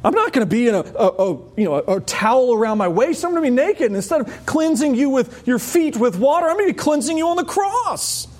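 Jesus as a patient and earnest grown man, as a preacher puts him on in a sermon. He explains things slowly and gravely, and his voice rises and falls widely. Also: high-pitched, very animated, a little mellow, exaggerated voice. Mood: urgent.

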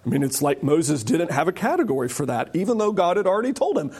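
A man preaching a sermon in a lively, joking way, often acting out the voices of the people he quotes. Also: a little high, fast, slightly rough. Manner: animated, jokey, acts out quoted voices. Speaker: pastor.

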